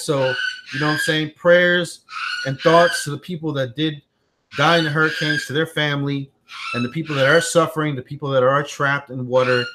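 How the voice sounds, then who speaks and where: A man's voice: fairly high pitch, noisy background. A man hosting a tech livestream from home in a loose, rambling way. He repeats himself and breaks off to talk to his small son. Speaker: tech channel host. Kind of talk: casual livestream chat.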